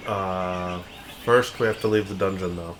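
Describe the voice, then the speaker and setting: A man's voice: sits low, steady tone, measured pace, fairly bright tone, a little hiss or hum, poor audio. A man playing a video game, dryly planning his moves aloud in casual commentary. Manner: dry, plans moves aloud, wry. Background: game music.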